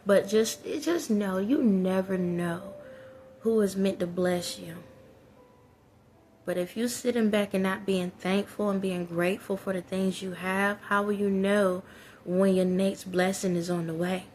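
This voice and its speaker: A woman talks straight to her viewers in a casual, preachy way, hammering her points home by repeating them. Her voice sits at an ordinary middle pitch. A faint noise runs under the recording. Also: steady tone, unhurried, darkish tone. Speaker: vlogger giving life advice. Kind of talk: casual spoken pep talk.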